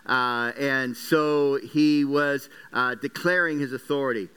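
A man delivers a sermon-style Bible lesson, stopping often with filler sounds as he walks through Greek word meanings. His voice is bright and forceful and comes across smooth and clear. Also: medium pitch, a little slow. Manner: teaching, many uh fillers, recaps and explains Greek words. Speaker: Bible teacher.

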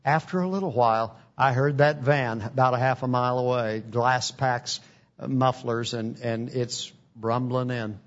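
A man's voice: mid-range voice, unhurried. A man preaching a testimony in an earnest, folksy storytelling way, on a dull lo-fi recording.

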